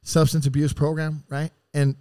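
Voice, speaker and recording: A man with a fairly high voice talks as a podcast guest and rambles through stories in streetwise slang. He swears freely. The recording is dry, with no room sound. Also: level tone, normal speed, darkish tone, clean tone, no room sound. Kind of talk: casual storytelling.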